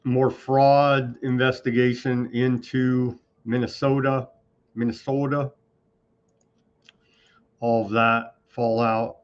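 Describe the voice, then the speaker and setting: A man's voice: mid-range voice, flat delivery, slow pace, long pauses, smooth. A man hosting an online news show in a loose, off-the-cuff way, with sarcastic asides. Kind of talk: casual online news commentary. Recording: slightly dull lo-fi sound.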